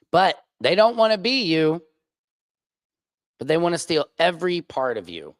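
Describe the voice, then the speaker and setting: A man hosting a livestream and talking in a crude, rambling, profane way, with big swings in pitch. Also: very animated, normal speed, pauses often, no room sound, clean studio sound. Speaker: streamer host. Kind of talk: casual livestream monologue.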